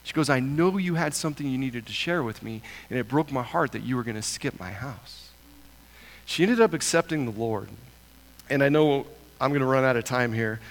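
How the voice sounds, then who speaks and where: A man telling a lively testimony about a mission trip, acting out the people he met in his story and laughing often. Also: mid-range voice. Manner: animated storyteller, acts out quoted voices, laughs often. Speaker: church member sharing a mission testimony. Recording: long hall reverb.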